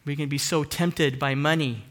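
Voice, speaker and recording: A man preaching a sermon earnestly, asking rising emphatic questions and dropping into soft hushed asides. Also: fairly high pitch, fairly even intonation, moderate pace. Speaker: pastor.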